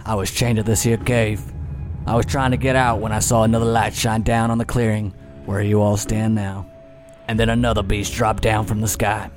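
A haunted, weary frontier mayor, played by a man in a put-on accent, slow and heavy as he recounts his ordeal at length. The voice sits a touch low, and music plays behind it. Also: level tone, lightly acted. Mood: grave. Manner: long grave monologues. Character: male small-town mayor, shaken gunslinger-era storyteller.

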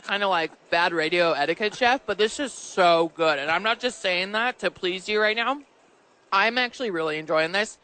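A woman's voice: mid-range voice, expressive, normal speed, pushed and bright. A woman co-hosting live sports radio from a ballpark table, upbeat and gushing, full of slang.

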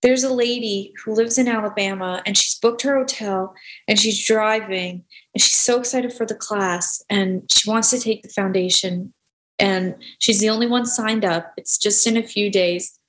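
A woman's voice: medium pitch, steady tone, moderate pace, fairly bright tone. Effusive woman podcast host. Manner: effusive, talks in loose looping phrases. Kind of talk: casual podcast conversation.

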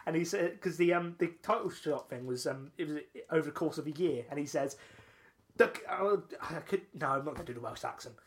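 A man co-hosting a podcast, telling a long story in casual chat, excitable and full of restarts and laughs. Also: on the high side, brisk, slight background noise. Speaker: podcast co-host.

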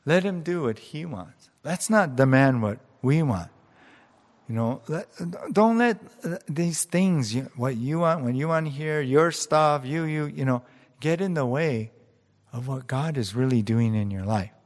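A man's voice: lively intonation, measured pace. Conversational male pastor in a reverberant hall. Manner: conversational, frequent "you know" and "yeah?" tags; acts out quoted voices with big pitch jumps. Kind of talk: sermon.

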